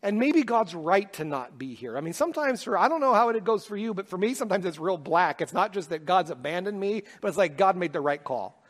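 High-voiced preacher in a reverberant hall. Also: male voice, animated, brisk, hardly any pauses. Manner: builds from quiet reflection to loud impassioned preaching. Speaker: pastor. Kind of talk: sermon.

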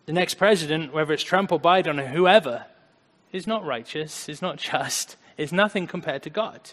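A man preaching a conversational sermon, earnest, swinging between loud emphasis and quiet asides. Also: on the high side, moderate pace. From United States. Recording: long hall reverb.

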